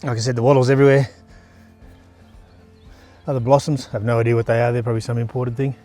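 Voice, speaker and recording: A man's voice: mid-range voice, little pitch movement, fast talker, mellow, soft background music. An Australian man vlogging casually on a riverside trail, chatting in an easygoing, rambling way with lots of fillers while he walks. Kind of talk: casual outdoor vlog chat.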